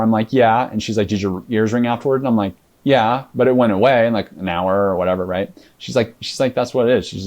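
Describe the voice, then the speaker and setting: A man's voice: on the low side, fairly quick, darkish tone. A man guest in an interview, telling his story in a casual, rambling way with many fillers and restarts.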